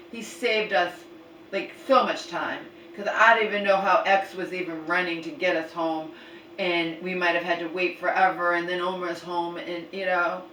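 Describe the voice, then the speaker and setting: A woman's voice: fairly low pitch, a bit bright, reverberant, far from the mic, slight background noise, rough recording. A woman vlogging a rambling, exasperated story and retelling arguments, swearing now and then.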